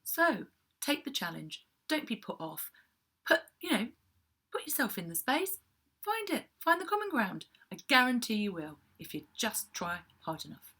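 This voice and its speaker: A woman's voice: on the high side, sing-song, moderate pace, bright, forceful tone, breathy edge. A woman from England giving casual advice to camera as a PR coach, chatty with self-deprecating asides. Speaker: PR coach vlogger.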